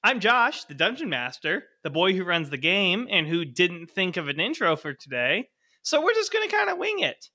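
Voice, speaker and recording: A man's voice: high-pitched, huge pitch swings, normal speed, pushed and bright. A man hosting a tabletop game podcast as game master, introducing his co-hosts with laughing, exasperated banter. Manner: laughing, exasperated, stop-start.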